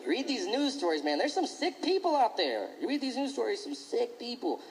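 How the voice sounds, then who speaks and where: A male stand-up comedian performing a set on stage, talking in an animated way and switching into mocking voices. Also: very high-pitched, a little fast, noisy background. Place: comedy stage before an audience.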